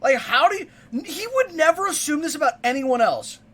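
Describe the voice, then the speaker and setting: High, lively male streamer ranting. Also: brisk. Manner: ranting, profane, heated. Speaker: streamer reacting to a video. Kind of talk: casual reaction commentary.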